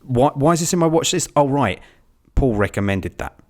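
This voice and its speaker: A man's voice: mid-range voice, expressive, normal speed. A man in his thirties co-hosting a casual film podcast, rambling and swearing freely. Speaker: podcast co-host.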